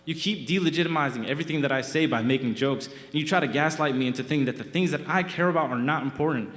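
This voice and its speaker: A man's voice: on the high side, quick pace, fairly bright tone, pitched above the performer's own voice, lightly acted. A man quoting an exasperated girlfriend, stern, in a reverberant hall. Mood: scolding. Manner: stern, lecturing. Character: exasperated young woman scolding her boyfriend. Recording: roomy theatre reverb.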